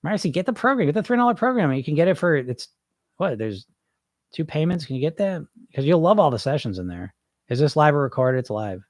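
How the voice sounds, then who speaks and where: A podcast host with a slightly high voice reads comments during a live stream, very animated and fairly quick. The sound is studio quality with no room sound. He addresses listeners bluntly and emphatically, repeating points for effect.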